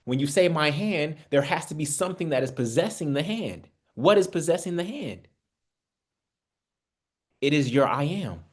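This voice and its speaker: A man with a fairly high, sing-song voice talks at normal speed. He's running an online Bible study, preaching in a conversational way, calling the group family and asking questions he doesn't expect answered.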